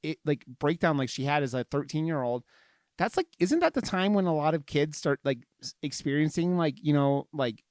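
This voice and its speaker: A man chatting on a movie podcast, his pitch bouncing all over as he rambles with many fillers and restarts. His voice sounds dry and close, with no room echo. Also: lively intonation, normal speed, a little mellow. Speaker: podcast co-host. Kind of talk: casual film review chat.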